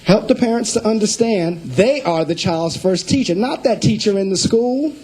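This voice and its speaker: A middle-aged man speaks as a school principal giving a presentation to district staff. His voice sits a little high but sounds warm and mellow, with a husky edge. He tells stories with emphatic, preacher-like delivery and acts out the conversations. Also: expressive, normal speed, rough recording. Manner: storytelling speaker acting out phone calls.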